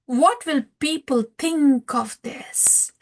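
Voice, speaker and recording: Brief: woman doing an earnest male devotee voicing his concern, emphatic, pitched up. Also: slow pace. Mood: worried. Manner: pleading, worried, emphatic.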